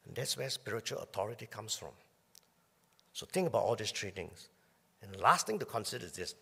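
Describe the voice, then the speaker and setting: A male pastor giving a conversational sermon, often clearing his throat as he talks. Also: lowish voice, big pitch swings, brisk, fairly bright tone, big-room sound. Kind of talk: sermon with personal storytelling. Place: church hall.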